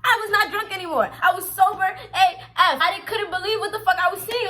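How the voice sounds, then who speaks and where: A young woman telling a storytime story to her viewers, animated and profane, talking straight to the camera. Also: extremely high pitch, fairly quick, few pauses. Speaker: vlogger. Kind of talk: casual storytime monologue.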